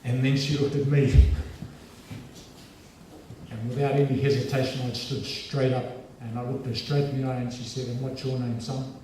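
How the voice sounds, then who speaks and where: A man with a New Zealand accent giving a lively, humorous storytelling speech as a guest speaker at a school assembly. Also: mid-range voice, normal speed, slight background noise. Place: large school hall. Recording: echoey hall from far off.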